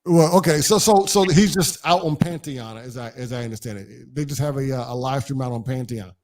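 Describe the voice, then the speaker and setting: A man's voice: medium pitch, fairly quick, a little mellow. A man hosting a podcast in casual chat, rambling with many fillers and repeated starts. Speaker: podcast host.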